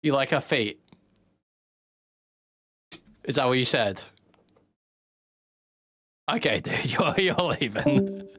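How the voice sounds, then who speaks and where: A man's voice: mid-range voice, lively intonation, takes it slowly, long pauses, fairly bright tone. Wry male streamer commentary. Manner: wry, analytical, laughs often.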